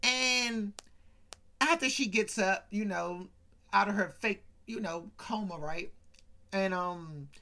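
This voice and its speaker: A man with a bright, forceful voice takes his time as he hosts a casual talk show. Retelling a comedy sketch, he chats with asides to viewers and imitates quotes with jumpy pitch shifts, as a podcast host would.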